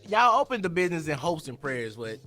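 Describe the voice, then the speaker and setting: A man hosting a casual interview in a restaurant, asking playful, animated questions. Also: a little high, fairly quick. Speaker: show host. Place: indoors in a restaurant. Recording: music in the background.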